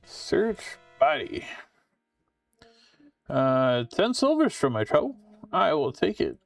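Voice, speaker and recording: A man chatting through an old adventure game in an offhand way, reading its text aloud and tossing in jokes. His voice moves lively up and down. The sound is dry and a little off-mic, with faint game music underneath. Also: on the high side, slow, vocal fry, pauses often, no room sound, distant mic. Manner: offhand, chatty, joking asides. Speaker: game streamer. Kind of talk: casual let's-play commentary, reading game text aloud.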